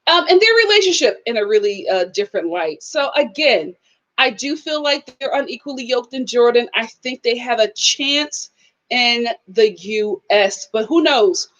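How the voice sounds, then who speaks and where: A young woman casually reviewing a reality TV episode, animated and sassy, often laughing and acting out what people said. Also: fairly high pitch, moderate pace, dull audio. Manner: animated, laughing, acts out quotes, sassy asides. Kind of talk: casual live review chat.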